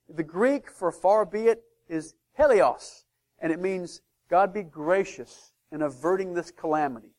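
A man preaching a sermon as pastor of his church, emphatic, swinging between loud declarations and hushed asides. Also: sits high, measured pace.

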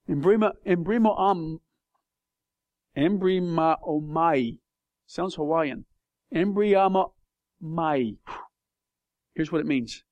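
Pastor, male, high voice, dry close sound, impassioned, emphatic sermon delivery. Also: a little mellow, dry recording. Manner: passionate, emphatic preaching with big swings in intensity.

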